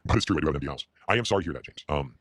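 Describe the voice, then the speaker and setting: Very deep, fast, stammering male streamer. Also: animated, a bit bright, no echo, clean studio sound. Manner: stammering, repeats words, halting. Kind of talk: rambling livestream chat.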